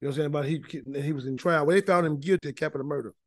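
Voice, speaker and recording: A man's voice: fairly high pitch, very fast, dry recording. A man leading an informal Bible study, preaching in a folksy, emphatic way and often repeating words as he builds a point. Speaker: Bible teacher.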